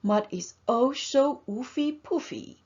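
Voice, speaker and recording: A whiny boy piglet, played by a woman reading a storybook, wails in a high, swooping voice. He sounds sulky and dramatic. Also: animated, slow, darkish tone, breathy edge, lo-fi sound, exaggerated voice. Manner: whiny, wailing.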